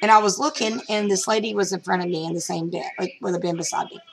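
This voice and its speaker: A woman's voice: mid-range voice, fast, creaky, rough recording. A middle-aged woman vlogging about reselling, telling a story in a rambling, chatty way with lots of fillers and restarts. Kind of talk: casual storytelling vlog.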